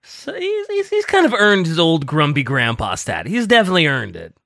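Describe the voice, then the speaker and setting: A man co-hosting a podcast, chatting casually and playfully, quick to laugh along. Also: fairly high pitch, huge pitch swings, vocal fry, sharp tone, no echo, clean studio sound. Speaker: podcast co-host. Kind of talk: casual chat.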